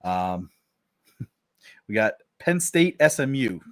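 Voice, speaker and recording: Low-voiced man steering a sports podcast. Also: sing-song, slow pace, dry recording, studio quality. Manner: easygoing, leads the segments. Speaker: podcast co-host. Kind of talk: casual sports chat.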